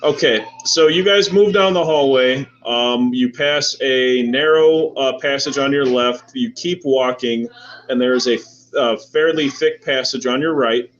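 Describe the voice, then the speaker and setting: A man narrates a tabletop game as its game master, casual and halting with plenty of ums. The recording is dull and lo-fi, with a faint hiss underneath. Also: medium pitch. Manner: loose, hesitant narration with many fillers.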